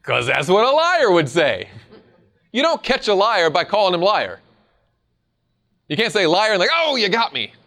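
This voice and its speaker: Animated male preacher. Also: sits high, normal speed, gravelly, pauses often. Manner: animated, conversational, laughs often. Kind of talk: sermon.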